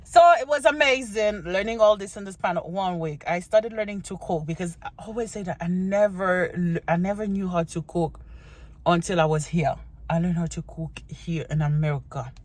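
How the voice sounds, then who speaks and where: A woman's voice: fairly low pitch, normal speed. A young woman from Haiti with a Haitian accent, chatting casually and encouragingly as she introduces herself on her vlog. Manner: chatty and encouraging, with frequent restarts and "you know". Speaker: vlogger. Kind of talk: casual get-to-know-me vlog.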